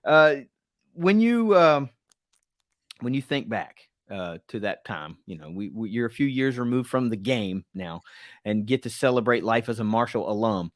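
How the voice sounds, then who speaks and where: Middle-aged host, relaxed rambling interviewer, dry close sound. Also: male voice, medium pitch, moderate pace, dry recording. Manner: friendly, rambling questions, laughs easily. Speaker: podcast host. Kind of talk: casual podcast interview.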